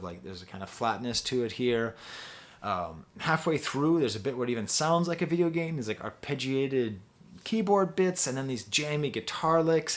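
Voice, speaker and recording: Male music reviewer, excited and rambling, average pitch. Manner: enthusiastic, rambling, many fillers. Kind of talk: album review monologue.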